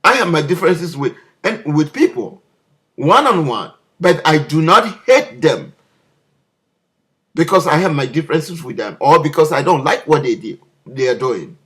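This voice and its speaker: A man's voice: a little high, expressive, normal speed, a bit bright. A man delivering an impassioned political video message, leaning on repeated rhetorical questions. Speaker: political commentator.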